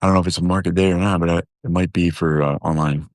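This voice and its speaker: A man's voice: deep voice, steady tone, fast talker, darkish tone, no room sound, studio quality. A man hosting a live stream in loose, rambling casual chat, full of fillers and restarts, joking and talking straight to his viewers. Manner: joking, talks directly to viewers.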